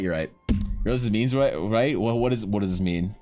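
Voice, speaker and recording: A man's voice: lowish voice, brisk, a little mellow, soft background music. A man streaming live while he draws, talking to his chat in a stammering, emotional way, restarting his words and swearing often.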